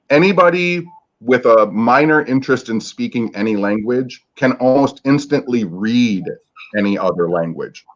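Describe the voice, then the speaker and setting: A man's voice: medium pitch, fairly bright tone. A man from Michigan co-hosting a live podcast, a chatty, jokey storyteller in casual talk. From Michigan, USA. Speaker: podcast co-host. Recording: dull lo-fi sound.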